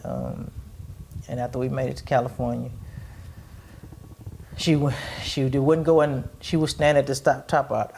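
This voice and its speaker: Gravelly middle-aged woman telling a story. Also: a bass voice, warm tone, slight background noise. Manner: rambling, searching for words as she recounts. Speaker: podcast host. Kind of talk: personal storytelling in conversation.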